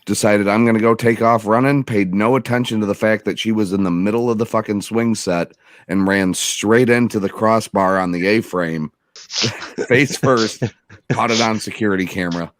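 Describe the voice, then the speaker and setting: A man's voice: lowish voice, normal speed, no room sound, clean studio sound. A man on a casual talk show, telling a story in a blunt, swearing way. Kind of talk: casual chat.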